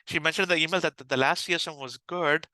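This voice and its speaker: Bright, crisp man with a Pakistani accent. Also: on the high side, fast talker, no room sound, low-quality recording. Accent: Pakistani English. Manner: energetic, frequent restarts and fillers. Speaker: customer success manager, podcast guest. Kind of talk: conversational interview answers.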